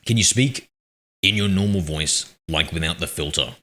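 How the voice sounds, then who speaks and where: At a moderate pace, a man speaks to his game-stream viewers in a low, bright, forward-edged voice, rambling casually and joking at his own expense. He reads their chat aloud, heard through a streaming microphone with noise suppression.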